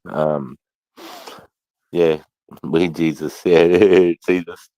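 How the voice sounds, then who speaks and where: A man's voice: low-pitched, drawn-out words, a little mellow, dry recording. A man hosting a live stream, chatting casually, greeting viewers and swearing freely. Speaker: livestream host.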